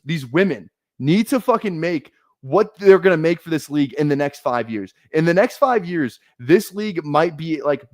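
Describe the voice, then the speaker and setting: A man's voice: on the high side, dry recording, studio quality. A man streaming a fantasy football draft, ranting heatedly at his chat with lots of swearing and repeated phrases. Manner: heated, profane, repeats himself. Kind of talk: ranting live stream commentary.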